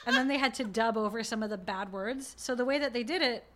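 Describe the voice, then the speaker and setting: A woman co-hosting a podcast, recapping a film in casual chat, animated and laughing a lot as she acts out lines. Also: fairly high pitch, fast. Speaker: podcast co-host.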